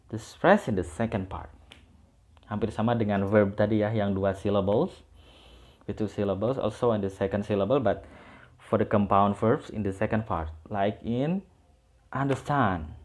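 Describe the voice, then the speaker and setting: A man's voice: on the low side, darkish tone. Indonesian man teaching English pronunciation. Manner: switches between English and Indonesian, repeats words slowly for stress. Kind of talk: online lesson, mixing two languages.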